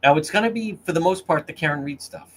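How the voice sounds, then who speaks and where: A man's voice: a little high, fast, a bit bright, a little hiss or hum. Crude, mocking man hosting a livestream. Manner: crude, mocking, talks to chat. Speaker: livestream host. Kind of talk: casual livestream commentary.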